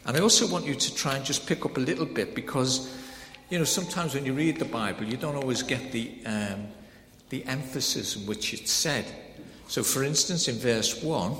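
A man preaching a sermon in a conversational, animated way, swinging between loud proclamation and soft emphasis. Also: medium pitch, moderate pace. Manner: conversational, with many fillers like "kind of, like". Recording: echoey hall with faint background noise.

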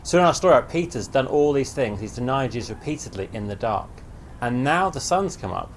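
A man's voice: medium pitch, animated, brisk, echoey room, far from the mic, a little hiss or hum. A man giving a children's sermon in a chatty way and asking the children questions. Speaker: preacher.

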